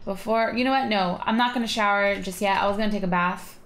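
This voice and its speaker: A chatty woman gives casual commentary while she plays a video game. She rambles and giggles, and her voice sits at an ordinary middle pitch. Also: fast talker, a bit bright. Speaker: gaming video host.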